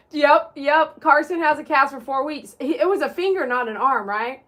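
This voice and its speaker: A woman's voice: high-pitched, normal speed, few pauses, a bit bright. A woman hosting a casual livestream as a dog groomer, chatty and teasing as she talks straight to her viewers.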